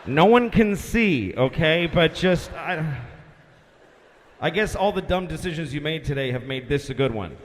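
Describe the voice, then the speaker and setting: A man's voice: on the high side, expressive, unhurried, in a large hall, voice pushed down. A man voicing a male air traffic controller who is exasperated, sarcastic and swearing.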